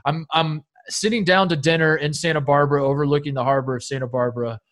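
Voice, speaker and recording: Indiana guy on a podcast, kinda high voice, telling big animated stories and cussing. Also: quick pace. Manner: animated storyteller, swears freely. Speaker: podcast co-host. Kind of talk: casual chat.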